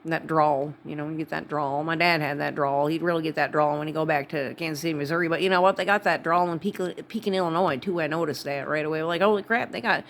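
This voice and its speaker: A woman's voice: low voice, steady tone, fast talker, few pauses, slight background noise. A woman from Wisconsin with a Wisconsin accent, talking to camera in a rambling, digressive vlog. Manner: rambling, digressive, full of asides. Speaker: vlogger. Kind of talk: casual rambling monologue.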